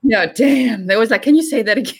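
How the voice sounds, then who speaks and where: A man's voice: high-pitched, lively intonation, rapid-fire, fairly bright tone. A man who is a guest on a podcast, agreeable and giggly, mostly giving short replies. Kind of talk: casual interview chat.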